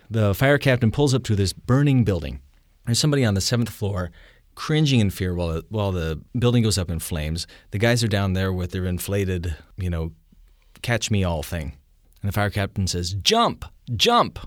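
A man talks through faith and scripture in an animated, lively way, his pitch swinging up and down as he builds examples. His voice sits on the low side. The sound is dry and close. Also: no room sound. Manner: animated explainer, shouts quoted lines in vivid examples, asks "you see?". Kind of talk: conversational theology discussion.

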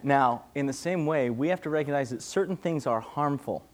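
A young man leads a relaxed question-and-answer sermon, his voice sitting a touch high. He talks conversationally, pausing to ask "okay?" as he explains, like a pastor who keeps things informal. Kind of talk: casual Q&A sermon.

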